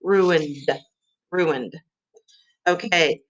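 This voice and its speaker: A woman's voice: fairly low pitch, takes it slowly, long pauses, fairly bright tone. A middle-aged woman teaching vocabulary to young children, sounding out letters and syllables.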